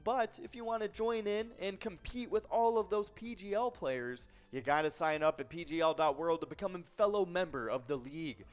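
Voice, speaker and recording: Upbeat male live-stream bingo host. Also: high voice. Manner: energetic, hypey, quick to laugh.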